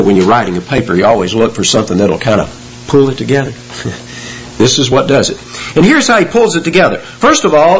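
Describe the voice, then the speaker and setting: Man, pastor, expository sermon, emphatic rises, husky, somewhat high voice. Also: fairly bright tone, highs cut off. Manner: expository preaching with rising emphasis on key words.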